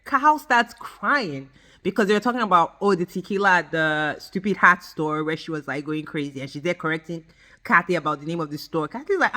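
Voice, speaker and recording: A woman's voice: lowish voice, brisk. A woman giving a ranting recap of a reality show, emphatic and blunt, swearing freely and talking straight to her viewers. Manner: emphatic, animated, addresses viewers directly. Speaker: reality TV reviewer.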